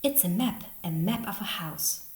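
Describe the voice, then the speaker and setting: A woman's voice: mid-range voice, expressive, normal speed, a little mellow, lightly acted. Woman playing an eager young girl. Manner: eager, exclaiming. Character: curious, excited young girl. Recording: roomy echo.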